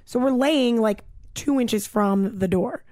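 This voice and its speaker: A young woman in her twenties telling a story on a casual podcast, animated and fast, full of "like" and swearing. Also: a little high, dry recording, clean studio sound.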